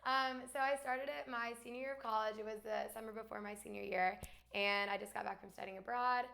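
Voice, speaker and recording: A young woman from Alabama, a guest in a casual chat, talking fast with lots of fillers and laughs. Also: a little high, fairly even intonation, gravelly, pushed and bright. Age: young adult.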